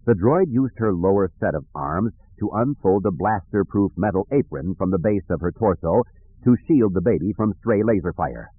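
Husky low-voiced male audiobook narrator. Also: lively intonation, normal speed, no room sound. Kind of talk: scripted narration. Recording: dry tinny phone-like recording.

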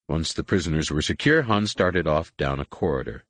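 A man's voice: very deep voice, animated, a little fast, few pauses, fairly bright tone, dry recording. A man narrating a story aloud, reading expressively and giving each figure a voice. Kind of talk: audiobook narration.

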